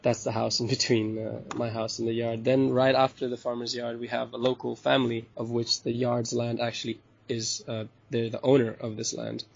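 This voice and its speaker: A man from Bali, a hostel owner being interviewed, talking in a loose, relaxed, rambling way with frequent chuckles and fillers. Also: medium pitch, moderate pace, gravelly, hardly any pauses, a little hiss or hum. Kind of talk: casual chat interview. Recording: dull lo-fi recording.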